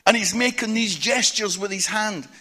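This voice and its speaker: High bright Scottish preacher. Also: male voice, moderate pace. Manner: conversational storytelling, tag questions like "yeah?"; swings from hushed to loud. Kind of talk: sermon. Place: church hall with audience.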